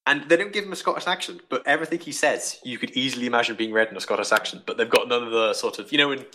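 A young man casually talking through a book on a podcast, rambling and animated, acting out quoted thoughts. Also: medium pitch, racing, rough recording. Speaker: podcast host reviewing a book.

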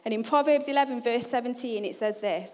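A woman's voice: on the high side, a little fast, darkish tone, big-room sound. A woman giving a chatty, humorous sermon and asking the congregation questions. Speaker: preacher.

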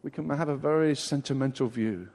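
An older man preaching a sermon, acting out quoted voices with big swings of loudness. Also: mid-range voice, fairly quick. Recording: long hall reverb.

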